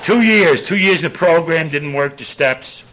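An older man, telling profane stories to a laughing recovery-meeting audience in a gruff voice. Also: animated, moderate pace, a crowd in the background. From New York. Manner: gruff and profane, with big swings in pitch and loudness. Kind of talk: storytelling talk to a live audience.

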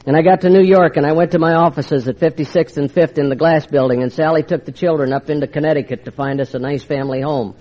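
A wry, confiding older man shares his story with a meeting, slipping into the voices of old arguments as he goes. His voice sits a little high for a man. The recording is dull and lo-fi, as if from an old tape. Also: darkish tone. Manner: wry, confiding storyteller who acts out quoted exchanges. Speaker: speaker sharing his recovery story. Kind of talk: storytelling talk to a recovery meeting.

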